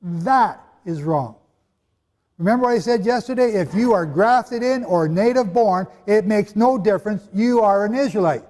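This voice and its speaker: Guy with a high voice giving a bible talk, lots of rhetorical questions, long hall echo. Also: animated, normal speed, darkish tone. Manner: emphatic, rhetorical questions, joking asides. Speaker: Bible teacher. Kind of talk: sermon-style lecture to a live audience. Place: hall with an audience. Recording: echoey hall with long reverb.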